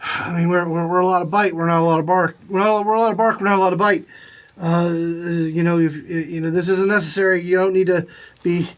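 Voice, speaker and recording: A man's voice: high voice, steady tone, brisk, pitched above the performer's own voice, natural voice. A man voicing a flustered space pirate who stammers and hesitates. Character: flustered male space pirate under duress.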